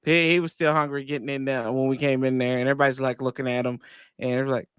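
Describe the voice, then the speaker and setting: A man co-hosting a casual sports podcast, rambling through animated stories about his baby son. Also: medium pitch, fast, smooth, no echo, clean studio sound. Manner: rambling storyteller, animated retellings. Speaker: podcast co-host. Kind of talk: casual chat.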